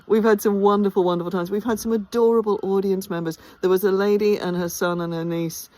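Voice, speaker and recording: A woman's voice: mid-range voice, fairly even intonation, quick pace, warm tone, no room sound. A tired woman chatting enthusiastically in a casual behind-the-scenes vlog, full of ums and restarts. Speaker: theatre company director. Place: outdoors by a house.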